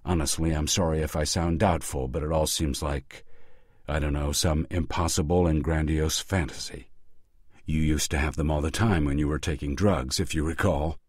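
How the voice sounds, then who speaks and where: A man's voice: extremely low pitch, fairly even intonation, moderate pace, a little mellow, breathy edge, no echo, clean studio sound. A man voicing a skeptical middle-aged woman who runs a gallery, doubtful and reproachful, in an audiobook. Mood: weary.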